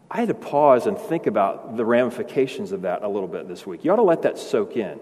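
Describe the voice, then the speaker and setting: A man's voice: fairly low pitch, sing-song, fairly quick, few pauses, mellow, husky. Man in his forties, pastor, conversational sermon, emphatic peaks, long hall reverb. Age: 40s.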